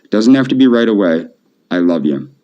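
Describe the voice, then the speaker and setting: A man speaking softly to camera in a pleading, repetitive, emotionally flat way. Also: fairly low pitch, fairly quick. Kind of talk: pleading video monologue. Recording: dull lo-fi video audio.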